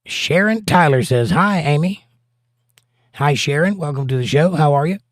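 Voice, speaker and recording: A man's voice: on the high side, animated, normal speed, no echo, studio quality. A man hosting a livestream in a casual chat, reading out viewer comments with a jokey, chatty manner.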